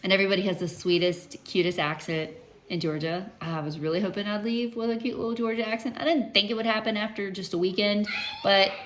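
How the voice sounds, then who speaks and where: With slight background noise behind her, a fast-talking woman of medium pitch updates viewers on her cancer treatment straight to camera. She's from West Virginia and tells chatty, animated stories with plenty of fillers and restarts.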